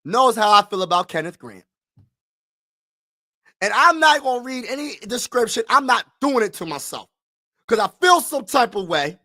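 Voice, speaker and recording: High-voiced excitable man streaming live. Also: normal speed, long pauses. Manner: excitable, swings from mutters to frustrated shouting; slangy, repeats himself, talks to the chat. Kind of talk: casual live-stream reaction.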